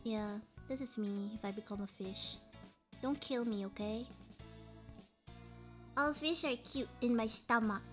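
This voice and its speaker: A woman's voice: on the high side, a little slow, pauses often, faint music behind. A Malaysian woman livestreaming, chatting playfully and laughing often, mixing in English. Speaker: streamer. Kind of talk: casual livestream chat.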